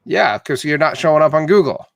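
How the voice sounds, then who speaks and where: A man's voice: on the high side, lively intonation, fairly quick, vocal fry, no room sound. A man hosting a casual interview and agreeing often with short affirmations. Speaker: podcast host.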